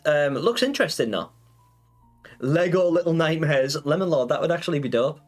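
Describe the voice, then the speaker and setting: A man's voice: a little high, animated, fairly quick, faint music behind. A man chatting casually on a gaming livestream, rambling with lots of fillers and answering viewers. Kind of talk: casual live-stream chat.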